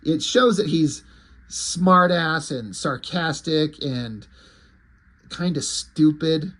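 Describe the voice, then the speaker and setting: Male comic reviewer, casual and rambling, husky voice. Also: fairly high pitch, expressive, slow pace, a bit bright. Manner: rambling, hesitant, enthusiastic.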